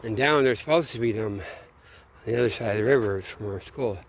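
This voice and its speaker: A man's voice: lowish voice, a little fast, slight background noise. A man from Minneapolis in a meandering, late-night solo monologue, swearing freely and often trailing off mid-thought. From Minneapolis, USA. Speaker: vlogger.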